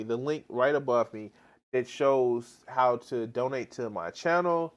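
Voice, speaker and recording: A man live-streaming reaction commentary, exasperated and swearing heavily, with rambling restarts. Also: mid-range voice.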